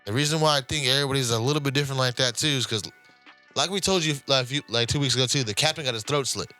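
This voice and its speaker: A man co-hosting a podcast, retelling anime episodes in animated, casual chat with plenty of swearing. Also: mid-range voice, rapid-fire, faint music behind. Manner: animated storytelling, heavy swearing. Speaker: podcast co-host.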